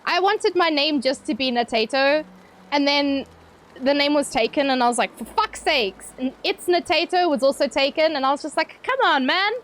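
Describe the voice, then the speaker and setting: This young woman's high, bright voice carries a casual live-stream chat with viewers at a moderate pace. Her manner is playful and easygoing, with swearing sprinkled in and frequent bursts of laughter.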